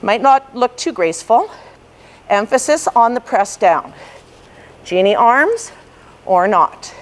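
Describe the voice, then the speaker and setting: A woman's voice: on the high side, very animated, takes it slowly. A woman fitness instructor guiding a ball workout, cueing form and counting reps while she exercises along, a little out of breath.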